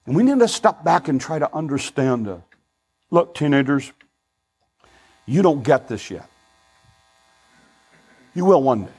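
An older man preaching a sermon as pastor, earnest and pleading, swinging between loud emphasis and hushed asides. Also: mid-range voice, husky, rough recording.

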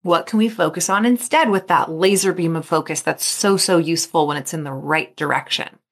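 A woman's voice: fairly low pitch, fairly quick. A middle-aged woman, a mental performance coach, hosting a solo podcast and telling stories while acting out athletes' worried thoughts. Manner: lively storytelling, acting out athletes' inner voices.

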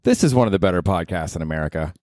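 A man's voice: low voice, lively intonation, rapid-fire, darkish tone, no echo, clean studio sound. A man hosting his own podcast alone from his apartment, rambling casually with lots of swearing and self-mockery. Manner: profane, self-mocking rambling. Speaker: podcast host. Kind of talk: casual solo podcast monologue.

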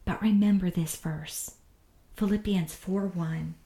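A woman teaching a devotional Bible lesson in an earnest, gentle manner, often dropping to a soft hush. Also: lowish voice, fairly even intonation, takes it slowly, roomy sound. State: tearful.

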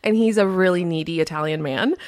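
A woman hosting a podcast, telling a story in casual chat with lots of fillers and quick laughs. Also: lowish voice, a little mellow. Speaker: podcast host.

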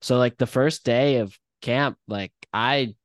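Slow and mid-pitched, this young man's voice comes through clean studio audio without any echo. As a podcast co-host, he chats easily and looks back on college, relaxed and thoughtful, leaning on plenty of "like" and "um" fillers.

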